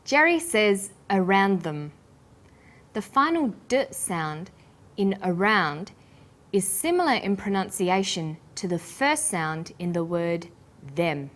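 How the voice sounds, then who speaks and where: A woman with an Australian accent and a mid-range voice hosts a scripted English pronunciation lesson. As the teacher, she speaks slowly and deliberately, articulating each word clearly.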